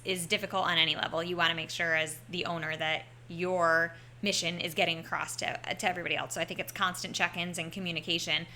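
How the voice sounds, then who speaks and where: A woman's voice: on the low side, sharp tone. A woman, a vacation rental host, explaining earnestly in a casual podcast chat.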